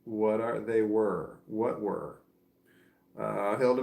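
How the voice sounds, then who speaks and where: A man's voice: fairly low pitch, steady tone, slow pace, creaky, roomy sound. A man hosting a livestream, chatting casually and reading out viewer comments, rambling with many restarts. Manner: rambling, with frequent restarts and filler. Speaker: livestream host.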